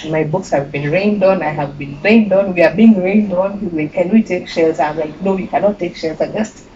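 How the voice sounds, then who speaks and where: A young woman with a Kenyan accent tells a personal story as an interview guest, animated and quick to laugh. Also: fairly low pitch. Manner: animated, laughing, mixing in Swahili phrases. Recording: muffled with clear background noise.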